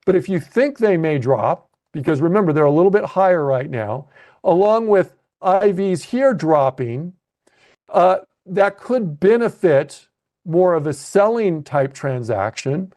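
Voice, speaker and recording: A man's voice: fairly high pitch, animated, a little slow, darkish tone. A man coaching a live webcast lesson on options trading, thinking aloud as he clicks through trades on his screen and checks in with "okay?". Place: at a computer narrating a screen share.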